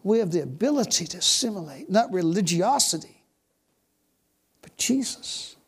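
A man's voice: sits high, vocal fry, a little mellow. An American man preaching a sermon, exclaiming bursts of praise and dropping suddenly to a whisper. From United States.

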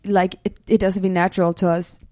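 A young woman musician with a European, American-leaning English accent, speaking as a guest in a relaxed way with lots of fillers and hedges. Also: lowish voice, brisk, no room sound, studio quality. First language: not English. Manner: relaxed, hedging, many fillers. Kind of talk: casual interview chat.

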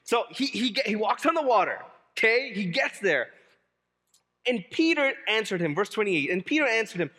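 A male pastor preaching a sermon in an animated, humorous way, often repeating key phrases for emphasis. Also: high-pitched, moderate pace, big-room sound.

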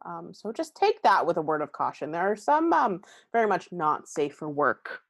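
A woman's voice: fairly low pitch, big pitch swings, normal speed, few pauses, dry recording. A woman podcast host in casual chat, candid and chatty, rambling through asides with lots of likes and ums. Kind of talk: casual book review chat.

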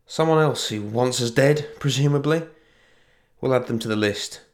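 A man's voice: medium pitch, moderate pace, pitched above the performer's own voice, lightly acted. Man voicing a snarling woman ranger. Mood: fierce. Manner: snarling, blunt, threatening. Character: fierce young woman ranger, blunt and sharp-tongued.

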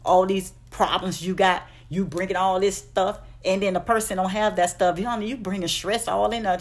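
A woman in a casual vlog, sassy and blunt, handing out profane relationship advice. She scolds her listeners in a familiar way and keeps calling them "honey". Her voice sits at an ordinary middle pitch. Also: fairly even intonation, normal speed, hardly any pauses. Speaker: advice vlogger. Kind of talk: casual advice rant to camera.

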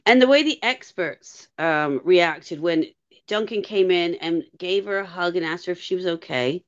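A woman co-hosting a podcast, chatting casually about a reality show, animated and quick to laugh. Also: lowish voice, highs cut off. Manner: animated, mimics people, laughs often. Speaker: podcast co-host.

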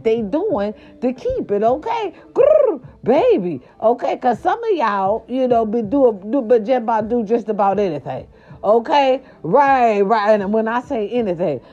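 Sassy older woman vlogging, swoopy lively voice, kinda warm and a bit lo-fi. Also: medium pitch. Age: over 45. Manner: sassy, profane, playful growls and self-bleeps. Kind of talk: casual morning recap monologue.

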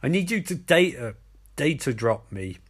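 A man's voice: medium pitch, sing-song, normal speed, breathy edge. A man voicing a cocky, sly male career criminal in a jokey retelling, with a drawling, casual manner. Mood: smug.

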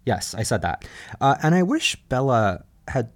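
A man's voice: medium pitch, very animated, measured pace. A man hosting a podcast, recapping a reality show in casual, gossipy chat and laughing often. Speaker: podcast host.

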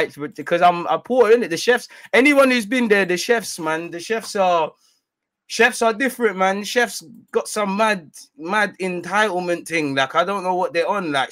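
A man telling a rambling, slang-heavy anecdote in a casual, animated way with many restarts. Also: high-pitched. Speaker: storyteller.

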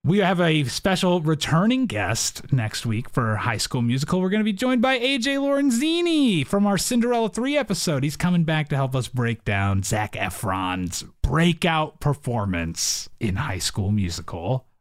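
A man's voice: fairly high pitch, sing-song, normal speed, few pauses. A man from the United States co-hosting a podcast in casual comedic chat, joking and teasing. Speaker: podcast co-host.

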